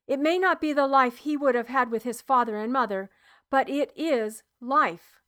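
A woman's voice: high-pitched, moderate pace, fairly bright tone. A woman voicing a weary male tribal healer who speaks in an earnest, grave manner in an audiobook reading.

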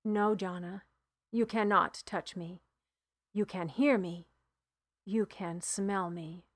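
A woman reading the lines of a dead husband's spirit in an audiobook, in a soft, consoling way. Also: medium pitch, fairly even intonation, takes it slowly. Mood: tender. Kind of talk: audiobook narration.

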